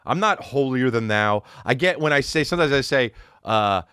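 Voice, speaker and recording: A podcast host with a smooth, medium-pitched voice rants comedically at normal speed, rambling, swearing, getting animated, and slipping into bits of song. The sound is dry, clean studio audio.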